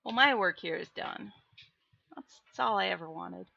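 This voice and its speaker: A woman's voice: medium pitch, expressive, creaky, sharp tone, no room sound, dull audio. A woman with a Minnesotan accent, chatting casually on a live stream, reading chat messages aloud in a playful, teasing way. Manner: playful, teasing, drawn-out delivery.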